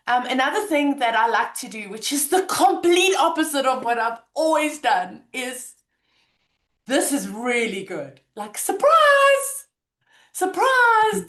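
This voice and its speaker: Gentle, reflective woman in a roomy space. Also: on the high side. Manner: gentle, reflective, playful shifts into quoted self-talk. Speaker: podcast co-host. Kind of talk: casual conversational chat.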